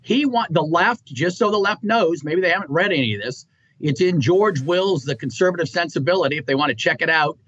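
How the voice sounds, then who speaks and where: A man gives political commentary, walking through figures step by step with many hesitations. His voice is high for a man. The sound is muffled and dull, like a lo-fi remote feed. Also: expressive, fairly quick, a bit bright, no room sound. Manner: explanatory, with frequent "uh" fillers. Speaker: guest commentator. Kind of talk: political commentary explaining charts.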